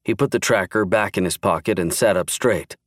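A man narrating a thriller audiobook in steady, measured scripted narration. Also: on the low side, no echo, clean studio sound.

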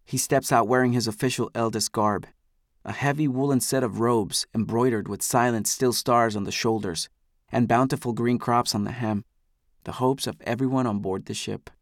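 A man reading first-person scripted narration for an audiobook in a measured, even manner. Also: mid-range voice, dry recording, clean studio sound.

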